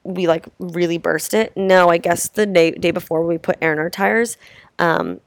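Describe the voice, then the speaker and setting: Young woman, travel vlogger, chatty storytelling, gravelly low voice, dry close recording. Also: normal speed, no room sound. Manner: chatty, heartfelt, lots of "like" fillers. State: tearful at times. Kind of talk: casual storytelling to camera.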